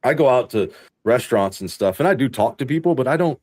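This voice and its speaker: A man from Texas hosting a podcast, telling long work stories in a casual, animated way, laughing often and swearing freely. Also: medium pitch, quick pace. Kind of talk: casual storytelling chat.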